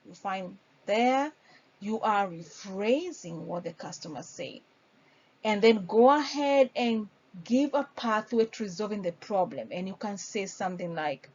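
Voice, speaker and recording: A woman's voice: mid-range voice, lively intonation, unhurried, darkish tone. A woman teaching customer service, explaining step by step and acting out sample greetings. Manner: explains patiently, acts out sample phone greetings. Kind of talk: instructional lecture. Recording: dull lo-fi recording.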